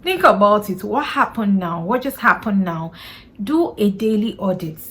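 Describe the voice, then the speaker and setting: On her parenting podcast, this host talks to camera in a casual, earnest advice style, with lively intonation at a normal speed and slight background noise. Her mid-range voice has a fairly bright tone, and she frequently asks herself rhetorical questions and checks in with "you know" and "right?".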